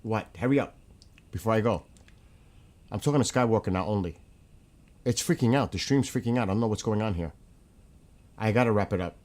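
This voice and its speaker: A man hosting a casual livestream, talking straight to his chat in a hurried, rambling way. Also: on the low side, darkish tone. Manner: rushed, talks to chat directly. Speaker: livestream host.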